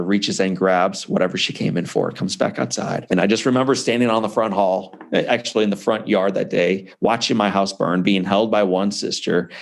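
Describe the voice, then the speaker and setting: Gravelly low-voiced guy in his 40s from missouri, earnest and emotional, telling his story on a video call. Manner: earnest, impassioned, with dramatic pauses. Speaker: author and guest speaker. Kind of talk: emotional personal storytelling in an interview.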